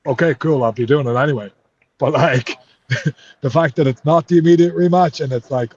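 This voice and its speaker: Heated Irish fighter, swearing freely. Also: male voice, fairly high pitch, normal speed, a little mellow, muffled recording. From Ireland. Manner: heated, swears a lot, says mate. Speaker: MMA fighter. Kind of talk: interview.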